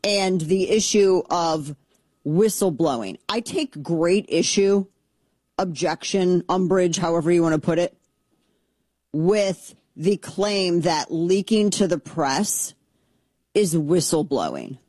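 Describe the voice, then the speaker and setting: A woman's voice: on the low side, expressive, slow, darkish tone, no echo. A middle-aged woman hosting a political talk radio show, blunt and sarcastic, fired up as she rants into a studio mic. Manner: fired-up, sarcastic, blunt, mocking voices of opponents.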